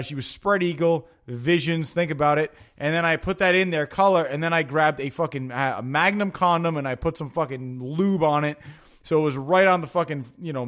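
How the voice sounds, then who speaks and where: Man, podcast host, casual storytelling, swears a lot, slightly high voice. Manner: profane, excitable storytelling with acted-out quotes.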